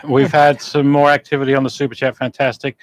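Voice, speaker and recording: A man's voice: medium pitch, flat delivery, fast, slight background noise. A man co-hosting a live stream, reading out donations in a plain, matter-of-fact way with some hesitation.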